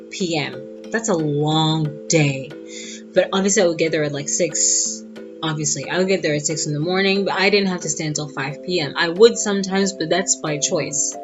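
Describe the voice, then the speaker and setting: A woman telling a personal story in a casual, animated and sassy way. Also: sits low, moderate pace. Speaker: vlogger. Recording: dull lo-fi audio with guitar music.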